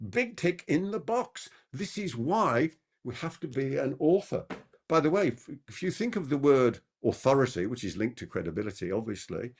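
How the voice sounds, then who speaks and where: Speaking fast and full of animation, this trainer leads a live persuasion masterclass. His pitch swings widely, and he keeps throwing rhetorical questions at his audience.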